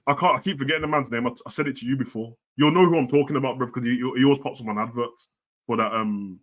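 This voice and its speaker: A man talking football with a friend in slangy chat, jumping between loud outbursts and muttered asides. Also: mid-range voice, fast. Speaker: football podcast host.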